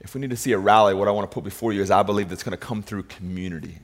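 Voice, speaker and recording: A male pastor preaching a sermon in a relaxed, conversational way, often repeating words as he thinks aloud. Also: fairly low pitch, rapid-fire. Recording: long reverb of a large hall.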